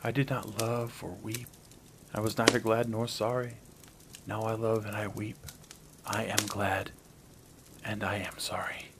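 A man voicing a young heavenly weaving maiden in a storybook reading, speaking in a low, wistful, softly pleading way. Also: level tone, measured pace, long pauses, heavy background noise. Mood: sorrowful.

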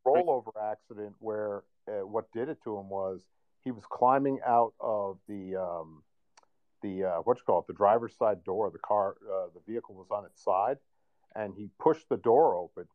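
A man's voice: fairly low pitch, normal speed, phone-quality sound. A man on a podcast, telling a personal story in a loose, rambling way with plenty of fillers. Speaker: guest sharing a personal story. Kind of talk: casual podcast conversation.

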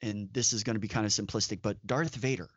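A man's voice: lowish voice, quick pace, breathy edge, no echo. A man co-hosting a casual podcast chat, talking in an opinionated way with emphatic asides. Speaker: podcast co-host. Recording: dull, dry lo-fi audio.

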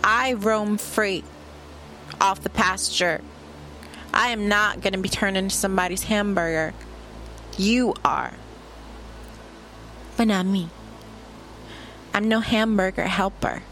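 A woman's voice: mid-range voice, a little slow, pauses often, fairly bright tone, slight background noise. A woman hosting her own podcast, ranting in a brash, profane, rambling way, straight to the listener. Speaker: podcast host. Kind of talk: casual solo podcast rant.

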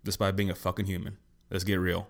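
A man's voice: low voice, monotone, quick pace, creaky. A young man hosting a podcast, ranting bluntly in a casual, profane way. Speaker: podcast host. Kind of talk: casual rant.

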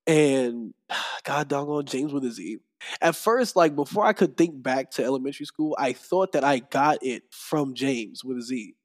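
A man telling stories as a podcast guest, animated, often breaking into laughter. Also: mid-range voice, normal speed. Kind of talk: casual chat.

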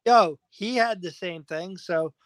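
A man's voice: high-pitched, takes it slowly, dry recording. A man guest on a podcast interview, agitated and venting, swearing constantly. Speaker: fighter guest.

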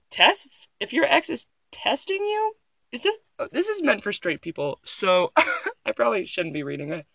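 Sitting in a room at home, a young adult vlogger reads an article into a phone and reacts casually with sarcastic giggles and rambling asides. The medium-pitched voice is a bit bright, captured in a dry recording.

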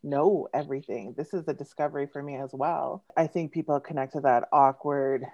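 A giggly, animated woman in her thirties, a poet guest chatting on a video call. Her voice sits a little low and sounds dull and lo-fi. The room is dry, with no echo. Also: a little fast. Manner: giggly, animated, laughs often. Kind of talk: casual storytelling chat.

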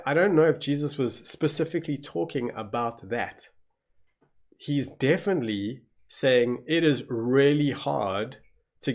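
A man with a South African accent preaching a sermon as pastor, telling the story vividly and acting out gasps of shock. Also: mid-range voice.

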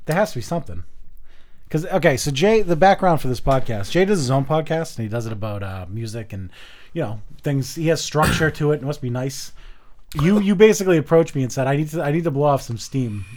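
A man hosting a casual podcast chat, blunt and profane, quick to mock things he dislikes. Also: fairly high pitch, expressive, darkish tone. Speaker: podcast host.

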